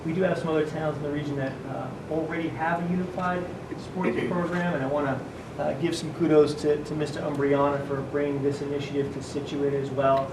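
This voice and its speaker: A man's voice: on the high side, little pitch movement, fairly quick. A man presenting as school superintendent at a public meeting, informal and upbeat, with many fillers. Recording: distant roomy mic, noisy.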